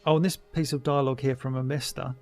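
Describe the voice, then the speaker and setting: Wry man with a gravelly edge. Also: medium pitch, flat delivery, fast talker, darkish tone, soft background music. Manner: wry, chatty, mock-dismissive. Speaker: commentary host. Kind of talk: casual audio commentary.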